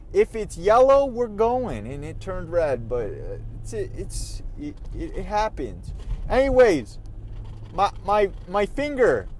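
High-voiced man ranting while driving. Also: darkish tone, a little hiss or hum, low-quality recording. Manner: irritated, profane ranting. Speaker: vlogger. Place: in a car on the road.

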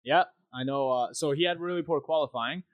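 A man's voice: on the high side, brisk, no room sound, narrow, tinny audio. A man co-hosting a casual racing podcast, rambling and jokey, sometimes slipping into silly voices. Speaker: podcast co-host. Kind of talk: casual chat.

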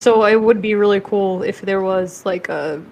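A woman chatting casually with friends, full of fillers and quick giggles. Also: mid-range voice, darkish tone. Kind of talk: casual chat.

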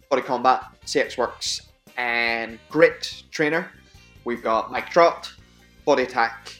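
A man's voice: mid-range voice, fairly bright tone. A man hosting a podcast, reading plugs in a chatty, jokey, self-mocking way. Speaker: podcast host. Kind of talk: casual podcast chat with ad reads.

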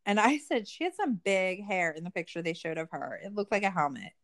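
A woman's voice: fairly low pitch, lively intonation, fairly quick. Sarcastic, profane woman recapping. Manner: profane, sarcastic, frequent "like" fillers. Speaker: podcast co-host. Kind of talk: casual true-crime recap chat.

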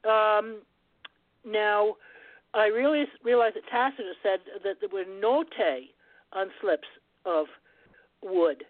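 A woman speaks as a guest on a phone-in radio show, rambling and digressive, and she signs off each turn with "over". Her voice comes through a tinny phone line. The sound is dry, with no room echo. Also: mid-range voice. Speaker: guest rune scholar.

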